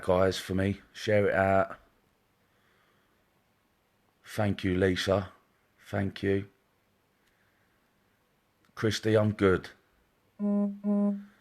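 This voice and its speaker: A man hosting a live stream as a psychic medium, chatting casually and greeting viewers one by one by name in a chummy way. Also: lowish voice. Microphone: wearing headphones.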